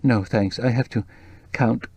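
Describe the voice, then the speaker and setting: A man reading the part of a jumpy, anxious young woman with a low, breathless voice in an audiobook. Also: unhurried, darkish tone, breathy edge, dry recording. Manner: nervous, jumpy, worried.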